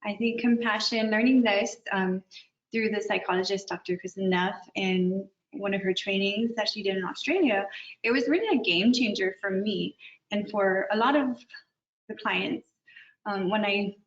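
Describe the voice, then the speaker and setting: A woman counselor giving a gentle, measured webinar talk, with some filler ums. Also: mid-range voice. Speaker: guest counselor. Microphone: video call. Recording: echoey, distant, dull webinar audio.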